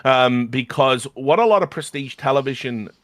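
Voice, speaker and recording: A man's voice: medium pitch, lively intonation, moderate pace, a bit bright, no room sound. A man co-hosting a film podcast, talking casually with frequent hesitations and restarts. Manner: hesitant, with many fillers and restarts. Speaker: podcast co-host.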